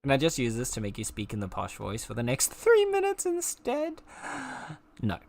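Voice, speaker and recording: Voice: medium pitch, wildly swooping pitch, fairly quick, creaky, a little mellow. A game streamer chatting casually with viewers while playing, playful and teasing. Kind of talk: casual live-stream chat while gaming.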